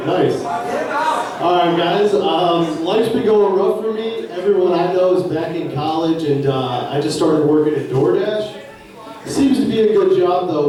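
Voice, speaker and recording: A man's voice: a little high, warm tone, recorded from a distance. Laid-back young man doing stand-up. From Ohio. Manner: laid-back, self-deprecating. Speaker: stand-up comedian. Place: comedy club stage. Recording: echoey club from afar, crowd.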